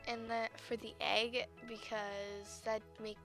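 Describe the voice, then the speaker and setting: A young woman with a high voice chats through her gameplay video, easily excited and gushing. Faint music plays underneath. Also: takes it slowly. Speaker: gaming YouTuber. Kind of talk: casual gameplay commentary.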